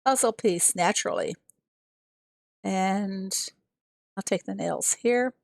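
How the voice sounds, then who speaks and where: A woman live-streaming a farming game, chatting with her viewers and reading their comments aloud. Her voice sits at an ordinary middle pitch. The sound is dry and close, with no room around it. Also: animated, takes it slowly, creaky, no echo. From USA. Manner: chatty, talks to herself and reads chat aloud.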